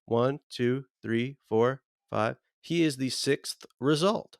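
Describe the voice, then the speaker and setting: Gravelly man joking on a podcast. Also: mid-range voice, takes it slowly, dry recording, clean studio sound. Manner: deadpan, profane jokes. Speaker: podcast co-host. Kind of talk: casual crude banter. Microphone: remote call mic.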